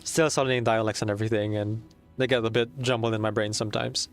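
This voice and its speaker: A man's voice: fairly low pitch, fairly even intonation, fast talker, faint music behind. A man streaming a game, chatting casually and rambling with many fillers.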